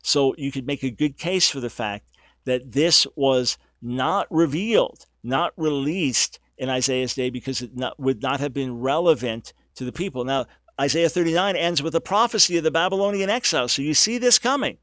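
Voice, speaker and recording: An emphatic man hosting a talk radio show in a studio. He speaks in a mid-range voice with lively stress on key words. The sound is close and dry. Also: mid-range voice, moderate pace, dry recording. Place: radio studio, audio only.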